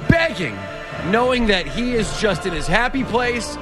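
A man's voice: sits high, a little slow, music in the background. A man co-hosting a morning sports radio show, sharing news eagerly with many restarts. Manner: excited, stumbling over words. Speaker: radio co-host. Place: radio studio.

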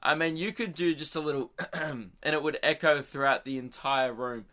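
A young man hosts a podcast in a loose, rambling way, chuckling at his own jokes. His voice sits a little high and sounds bright and lively. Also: moderate pace. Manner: rambling, self-amused, laughs at own jokes. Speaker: podcast host. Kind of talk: casual storytelling monologue.

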